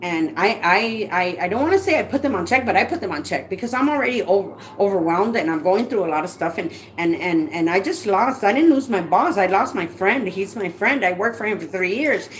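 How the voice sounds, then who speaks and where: A woman who works as a home care provider, earnestly telling her viewers a personal story in a halting way, often dropping to a soft, hushed voice. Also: mid-range voice, expressive, a little hiss or hum, poor audio.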